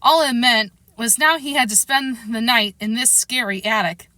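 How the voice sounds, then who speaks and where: Bright-voiced woman reading a story aloud. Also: on the high side, moderate pace, no echo. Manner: expressive read-aloud, acting out the characters' lines. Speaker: storybook reader. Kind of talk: scripted storybook narration.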